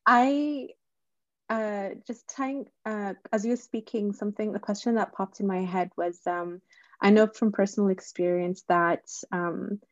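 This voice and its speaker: A woman's voice: mid-range voice, fairly even intonation, unhurried, no room sound, dull audio. A woman hosting a discussion, thoughtfully working toward a long question with frequent fillers. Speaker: podcast host. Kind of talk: conversational discussion.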